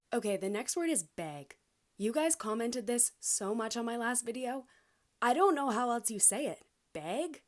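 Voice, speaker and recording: A woman from Canada with a Canadian accent, talking to camera and repeating words as she tests how they sound. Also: on the high side. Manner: puzzled, repeats words to test them. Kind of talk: casual talk to camera.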